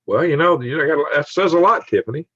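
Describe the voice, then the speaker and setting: A man's voice: fairly high pitch, lively intonation, brisk, a bit bright, no room sound. Jokey man laughing through a livestream. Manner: jokey, laughs often, reads comments aloud. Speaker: livestream host reading chat. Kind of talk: casual late-night livestream chat. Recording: dry, slightly dull sound.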